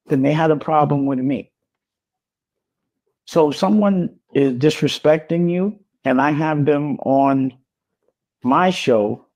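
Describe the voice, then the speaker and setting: A man speaking calmly and deliberately, giving advice in a measured, lecturing tone. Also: mid-range voice. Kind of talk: measured spoken advice in a recorded clip.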